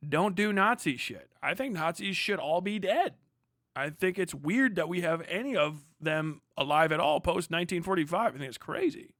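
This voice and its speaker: A man's voice: high voice, expressive, normal speed, fairly bright tone, no echo, studio quality. An American man streaming a profane, sarcastic rant as he reacts to a clip, laughing often as he mocks. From United States.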